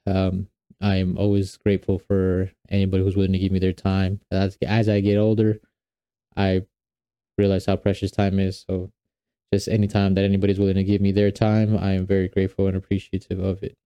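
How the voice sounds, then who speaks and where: A man's voice: sits low, completely flat delivery, brisk, warm tone, clear, resonant tone, no echo, lo-fi sound. A young man hosting his own podcast, talking casually and rambling with fillers and restarts. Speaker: podcast host. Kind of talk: casual solo podcast talk.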